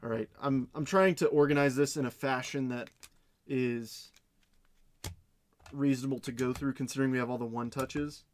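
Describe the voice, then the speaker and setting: A man hosting a live card-breaking stream, reading off pulls quickly and chatting with his viewers. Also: medium pitch, steady tone. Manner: rapid rundown of cards, chatting with viewers.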